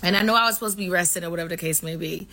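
A woman's voice: fairly low pitch, rapid-fire, bright, forceful tone. Woman chatting to followers about some news, laid back, lots of fillers. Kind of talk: casual news update to followers.

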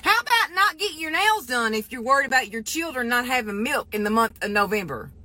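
A woman's voice: high voice, animated, brisk, pushed and bright. A woman giving a casual direct-to-camera opinion, telling a story in an indignant, opinionated way. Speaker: social media commentator.

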